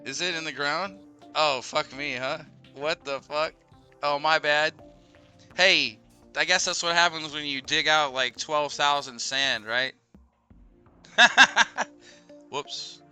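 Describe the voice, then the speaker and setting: A man streaming a video game, talking through it casually and swinging into high, panicked yelps and swearing. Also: fairly even intonation, unhurried, smooth. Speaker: gaming streamer. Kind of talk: live game commentary. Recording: game music loud behind voice. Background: game music.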